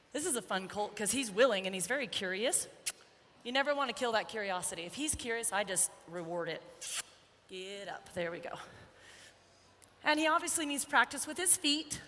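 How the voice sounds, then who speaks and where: A woman's voice: mid-range voice, animated, moderate pace, pauses often, sharp tone. Lady trainer riding and talking thru it, jokey, sweet-talks the horse, big echoey arena, bit of noise. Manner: chatty, joking, coaxing the horse. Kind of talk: live riding demonstration with commentary. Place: large indoor arena.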